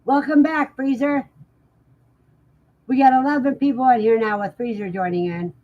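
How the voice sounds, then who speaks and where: On a muffled recording, a woman with a high voice and steady tone hosts a livestream. She casually reads viewer comments aloud and responds, chatty, relaxed, and frequently laughing.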